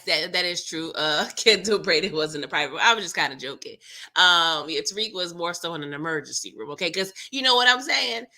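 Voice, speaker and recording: Woman, casual TV recap host, playful, acts out characters, lively pitch, bright voice. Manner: animated, playful, laughs often, acts out characters.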